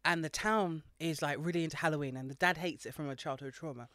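A man co-hosting a casual podcast chat, telling stories with lively acted-out quotes. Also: a little high, fast, dry recording, clean studio sound. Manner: animated storyteller, acts out quotes. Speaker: podcast co-host.

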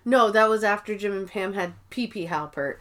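A woman's voice: medium pitch, moderate pace, crowd noise. A woman co-hosting a podcast, making blunt, sarcastic remarks in casual chat and swearing now and then. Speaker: podcast co-host.

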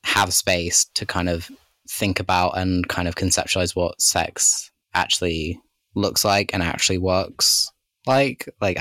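Male podcast co-host, very low voice, dry close sound, rambling chat full of fillers. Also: a bit bright, no echo. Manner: rambling, heavy use of "like" and "kind of". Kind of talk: casual chat.

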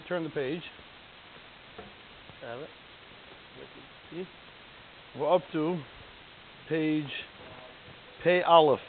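High-voiced man teaching over a tinny line. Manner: reads Hebrew lines aloud, then translates and explains them; conversational, asks the class rhetorical questions. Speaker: Torah teacher. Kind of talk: text study class. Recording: tinny phone-like audio with faint hiss.

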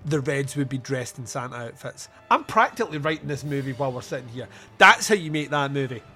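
A man's voice: mid-range voice, animated, brisk, bright, forceful tone, soft background music. A man hosting a podcast, chatting casually about a film, laughing often and acting out lines in silly voices. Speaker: podcast host. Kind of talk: casual film review chat.

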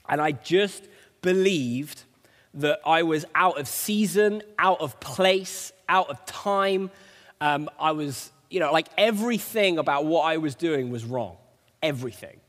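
A man's voice: on the high side, unhurried, fairly bright tone, in a large hall. A man preaching in an earnest, conversational way, telling a personal story. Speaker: preacher sharing a testimony. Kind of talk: conversational sermon.

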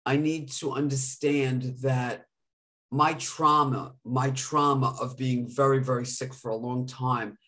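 A man's voice: medium pitch, fairly even intonation, a little slow, bright, forceful tone. A man co-hosting a live podcast, talking in an effusive, emotional, gushing way. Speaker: podcast co-host.

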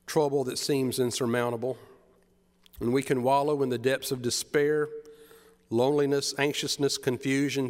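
A man's voice: mid-range voice, long reverb tail. A man preaching a sermon, retelling the story with drama and repeated phrases.

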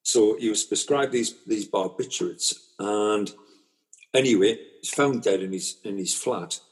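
A man's voice: fairly low pitch, a little slow, husky. A man hosting a casual chat, reflecting conversationally and stammering on his restarts.

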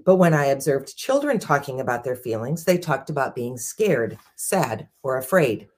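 A woman with a low voice reads book passages aloud in a measured, steady way. She breaks off now and then for her own casual asides as the show's host. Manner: measured reading with personal asides. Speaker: host, CEO.

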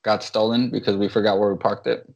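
A man with a lowish voice who jokes around in a relaxed, casual way. The audio is dull and lo-fi. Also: fast, gravelly, slightly rough. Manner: joking, laid-back. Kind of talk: casual chat. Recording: dull lo-fi sound.

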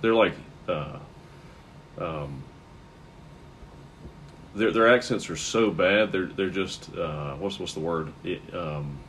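A man with a very deep, low voice talks loosely in a casual podcast chat. He rambles, stalls on fillers and hunts for the right word as he goes. A faint hiss of noise sits behind him. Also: slow pace, long pauses, fairly bright tone. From American South. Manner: rambling, searches for words with many fillers. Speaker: comedian guest.

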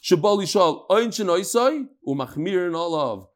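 A male teacher working through a text with his class, his voice sitting a little high for a man. He drives his points home with rhetorical questions and repeated phrases, talking as much as reading. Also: animated, normal speed. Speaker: religious studies teacher. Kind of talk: classroom text-study lecture.

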